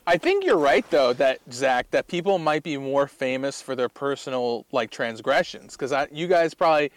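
A man's voice: mid-range voice, lively intonation, moderate pace. A man co-hosting a podcast in casual comedic chat, rambling with lots of fillers and frequent laughter. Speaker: podcast co-host.

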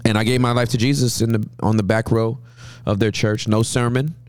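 A man in his forties from Southern California, a pastor telling stories as a guest in an interview, with a humorous, lively manner. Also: mid-range voice, a little fast, dry recording. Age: 40s. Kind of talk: interview storytelling.

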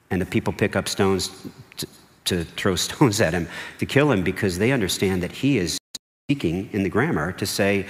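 Guy pastor preaching, lowish voice, chatty with lots of asides, big echoey church. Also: animated, fairly quick. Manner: conversational preaching with frequent asides and repeated words. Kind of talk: sermon. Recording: long hall reverb.

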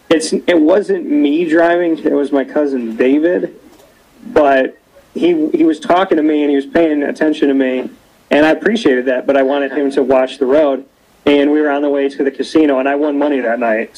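Young male host, slightly high voice, upbeat storyteller energy. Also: poor audio. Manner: lively storyteller, animated quoting. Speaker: show host. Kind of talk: casual interview chat. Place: cold rink-side spot, outdoors or arena.

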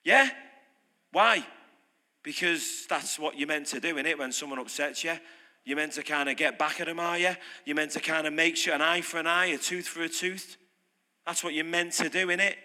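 A British man preaching a sermon, lively and conversational, putting questions to his congregation. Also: fairly high pitch, moderate pace. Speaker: pastor. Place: church hall. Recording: reverberant hall.

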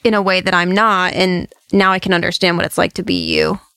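Gravelly-voiced woman hosting a chat. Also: fairly low pitch, fairly even intonation, fairly quick, fairly bright tone, no room sound, clean studio sound. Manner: supportive, reflective interviewer. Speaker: host. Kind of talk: casual conversation.

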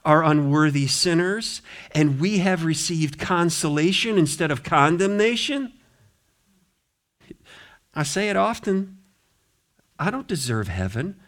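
A middle-aged man preaching a sermon as pastor, impassioned, swinging between loud appeals and quiet, low asides. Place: church sanctuary.

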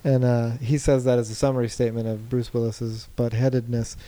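A man's voice: medium pitch, flat delivery, fairly quick, warm tone. A man co-hosting a casual podcast chat, telling stories with wry asides. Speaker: podcast co-host.

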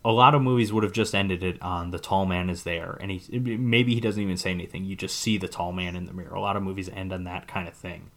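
A man's voice: deep voice, fairly even intonation, quick pace, few pauses, fairly bright tone. A man co-hosting a podcast, casually recapping a film's plot in a rambling way, hedging often. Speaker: podcast co-host. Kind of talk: casual movie recap chat.

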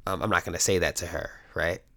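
A man's voice: deep voice, steady tone, fast, bright, forceful tone. A middle-aged man, a coach, talking candidly to his viewers in a rambling, profane, joking way. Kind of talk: casual monologue to viewers.

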